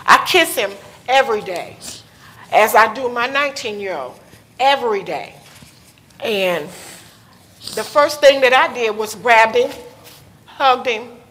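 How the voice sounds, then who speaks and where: A woman's voice: on the high side, expressive, a little slow, long pauses, fairly bright tone. Emotional woman telling her story on a panel. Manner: emotional, candid, nervous. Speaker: panel speaker, mother. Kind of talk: personal testimony at a panel. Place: conference hall with audience. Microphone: handheld microphone.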